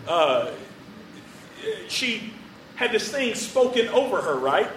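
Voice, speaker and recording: A man's voice: high-pitched, sing-song, slow, fairly bright tone, reverberant, recorded from a distance, a little hiss or hum, poor audio. A man preaching a sermon in a chatty, joking storytelling way, full of fillers.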